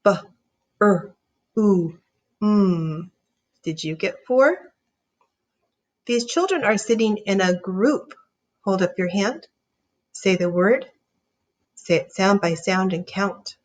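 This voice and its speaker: A woman teaching a reading lesson, sounding out words slowly and encouraging young readers. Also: medium pitch, expressive. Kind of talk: slow, clear phonics lesson.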